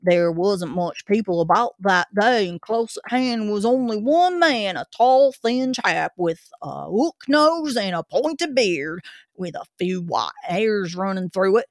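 A woman voicing a grumpy but chatty old male zookeeper, talking in a rough working-class dialect. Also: mid-range voice, expressive, a little slow, dry recording, clean studio sound. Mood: gruff.

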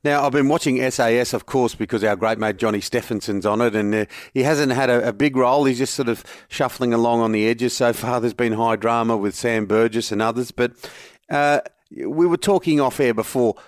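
A man's voice: medium pitch, fairly quick, hardly any pauses, dry recording, clean studio sound. A man hosting a sports podcast, joking and teasing in casual chat. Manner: jokey, teasing.

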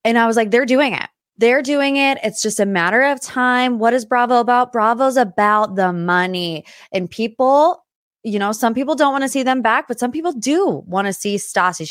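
A podcast host, a young adult woman with a slightly high voice, talks casually through a solo pop-culture episode in a studio-quality recording with no room sound. She's chatty, easily sidetracked, and full of animated asides.

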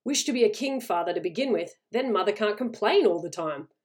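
A woman's voice: medium pitch, lively intonation, a little fast, a little mellow, close to an everyday voice. A woman voicing a cheeky young man who teases his parents playfully. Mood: teasing. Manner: playful, mocking.

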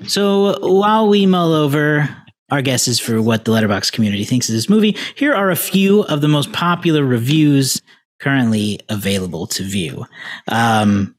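A man's voice: medium pitch, normal speed. A man hosting a podcast in casual chat, upbeat and running the segments. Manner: lively, upbeat, runs the segments. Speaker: podcast co-host. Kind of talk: casual chat, reading reviews aloud.

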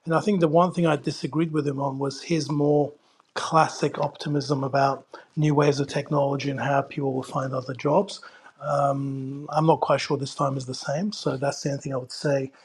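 A man's voice: medium pitch, level tone, moderate pace, husky. A man co-hosting a live podcast, chatting casually with dry, joking asides. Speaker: podcast co-host.

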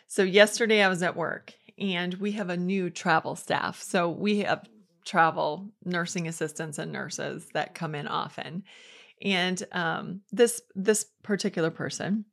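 A woman's voice: mid-range voice, a bit bright. Woman host, mid-range voice, chatty and upbeat, conversational devotional talk. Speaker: host of a Christian devotional podcast.

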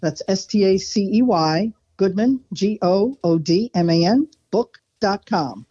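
A woman's voice: mid-range voice, animated, measured pace, dark tone, breathy edge. Give me a blunt, down-to-earth woman guest over a muffled lo-fi line. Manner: blunt, plain-spoken, self-deprecating. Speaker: podcast guest, former disaster responder. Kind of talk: casual interview chat.

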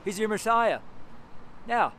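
A man's voice: high-pitched, animated, slow, a bit bright. A man giving a street sermon and prayer, preaching emphatically with lots of repetition and fillers.

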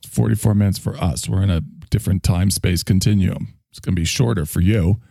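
A man's voice: deep voice, fairly even intonation, quick pace, creaky, dark tone, dry recording, clean studio sound. A man acting as the channeler in a comic bit, talking in a matter-of-fact, slightly hesitant way.

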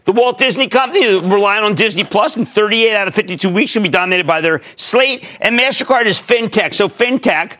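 An older man hosting a finance call-in show, excitable and emphatic in rapid-fire bursts. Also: sits high. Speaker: TV stock market show host.

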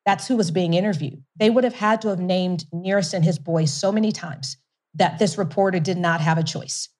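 A woman's voice: on the low side, normal speed, a little mellow. A middle-aged woman, a company founder in an interview, telling her story with energy, laughing often and restarting sentences. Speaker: whiskey company founder and investor being interviewed.

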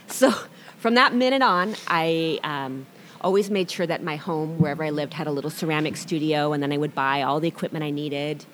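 A middle-aged woman, a guest artist, telling her story in a relaxed interview, animated and acting out quotes. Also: sits low, fairly quick, slight background noise.

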